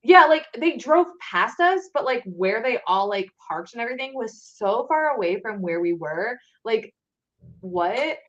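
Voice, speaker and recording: A woman's voice: a little high, a little slow, highs cut off. A woman in a casual chat, telling a story with lots of laughter and filler words. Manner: animated, laughing, many "like" fillers. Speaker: guest cosplayer.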